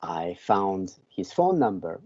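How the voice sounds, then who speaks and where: A man from Belgium, a podcast guest who tells a long story slowly and often repeats words as he searches for them. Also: sits low, sing-song, dark tone, dry recording, dull audio. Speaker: podcast guest, book author.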